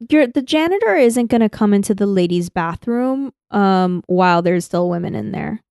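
A woman's voice: medium pitch, expressive, moderate pace, creaky, a little mellow, smooth, no echo, studio quality. A woman co-hosting a casual podcast, recapping scenes and laughing often. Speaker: podcast co-host. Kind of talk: casual chat.

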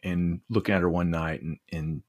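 A middle-aged man telling heartfelt stories as a podcast guest, halting and restarting often. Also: deep voice, steady tone. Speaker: podcast guest, leadership coach. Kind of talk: casual interview storytelling.

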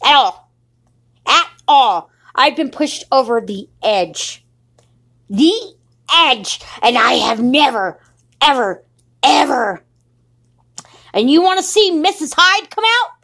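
Furious swearing woman, high lively voice. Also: takes it slowly, vocal fry, pauses often. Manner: furious, defiant, swearing constantly. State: sleep-deprived. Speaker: podcaster. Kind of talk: angry profane monologue.

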